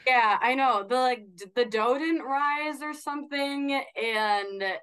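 A woman's voice: sits high, slow, a bit bright, smooth. A young woman with a Minnesotan accent, a podcast guest chatting casually and laughing easily. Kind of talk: casual chat.

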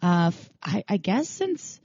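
A woman co-hosting a podcast in relaxed, easygoing casual talk. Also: medium pitch, measured pace, slightly rough, dry recording, muffled recording. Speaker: podcast co-host.

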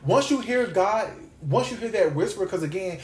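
A man's voice: high-pitched, animated, normal speed, darkish tone. A man hosting a Bible study podcast, preaching in a casual, conversational way and repeating phrases for emphasis. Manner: conversational, with slangy asides. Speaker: podcast host and Bible teacher. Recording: roomy echo.

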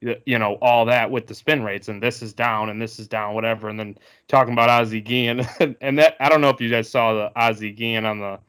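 A man's voice: medium pitch, fairly even intonation, brisk, hardly any pauses, fairly bright tone, smooth. A man co-hosting a casual sports podcast, rambling with many fillers and restarts. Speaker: podcast co-host.

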